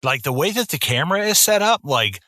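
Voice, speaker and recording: A young man co-hosting a podcast, chatting casually about a film, profane and animated. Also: fairly high pitch, fairly quick, dry recording, clean studio sound. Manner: profane, animated storytelling with put-on voices. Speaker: podcast co-host.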